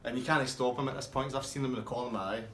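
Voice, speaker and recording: A man telling a rambling, swearing pub anecdote in a casual, animated way. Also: mid-range voice, racing, a little hiss or hum. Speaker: storyteller. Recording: roomy with faint ambience.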